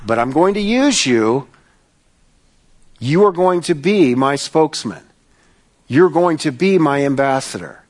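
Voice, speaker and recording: A man pastor delivering a sermon, earnest, with slow emphatic pauses. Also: a little high, expressive.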